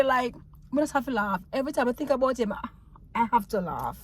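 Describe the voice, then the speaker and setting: Jamaican woman vlogger, lively and laughing, patois mixed with English, voice a bit high. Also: fast talker, husky. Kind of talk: casual storytelling to camera.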